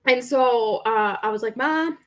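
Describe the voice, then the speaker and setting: Chatty young woman, slightly high voice. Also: normal speed, fairly bright tone. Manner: rambling and chatty, with frequent fillers and laughs. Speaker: book vlogger. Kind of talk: casual chat.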